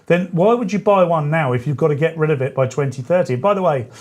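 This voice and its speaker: A man's voice: fairly high pitch, lively intonation, quick pace, darkish tone. Jokey male livestream host. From England. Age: 40s. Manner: chatty, jokey, self-correcting asides. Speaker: show host. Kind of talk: casual live-stream chat.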